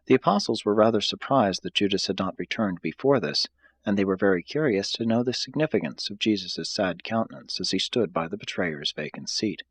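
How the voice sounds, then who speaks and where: A man reading aloud from a book in a steady, measured way. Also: lowish voice, slightly rough. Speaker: reader.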